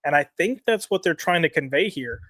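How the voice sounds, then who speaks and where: Lively man co-hosting a comics show. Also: fairly high pitch, brisk, no echo, studio quality. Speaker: comics podcast co-host. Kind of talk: casual chat.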